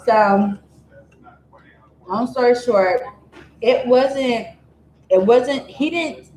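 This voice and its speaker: A woman vlogger telling a true-crime story in a chatty, digressive way, full of animated asides. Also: a little high, drawn-out words, roomy sound, a little hiss or hum, poor audio.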